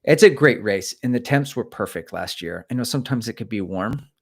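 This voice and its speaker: A man's voice: medium pitch, animated, a little fast, creaky. A middle-aged man hosting a casual livestream, reading out viewer comments and chatting in a rambling, self-deprecating way.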